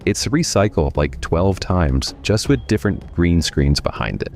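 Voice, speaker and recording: Deep-voiced, sarcastic male film reviewer. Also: lively intonation, unhurried, darkish tone. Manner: wry, sarcastic. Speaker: host.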